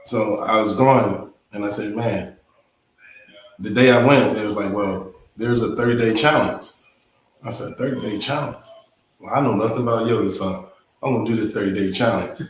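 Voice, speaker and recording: In an echoey room with faint noise, a man with a lowish voice tells, at a moderate pace, the casual story of his path to yoga. As a guest yoga teacher, he's animated and acts out what his friends said.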